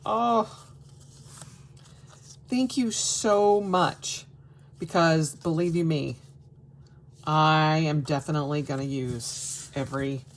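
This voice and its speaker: A woman vlogger unboxing mail in a casual chat, gushing and excitable with frequent gasps and exclamations. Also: low-pitched, slight background noise. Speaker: crafting vlogger.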